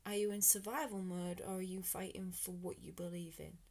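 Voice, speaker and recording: A woman's voice: lowish voice, fairly even intonation, fairly quick, vocal fry, a little mellow. A British woman hosting her own podcast, talking through her thoughts in an earnest, rambling, motivational way that sometimes sinks to a whisper. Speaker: podcast host. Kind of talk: reflective solo podcast monologue.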